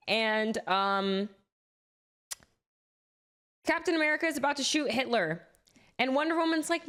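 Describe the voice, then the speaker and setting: A woman's voice: high-pitched, expressive, unhurried, long pauses, fairly bright tone. A young woman streamer chatting casually with her live chat, swearing freely and often restarting her sentences.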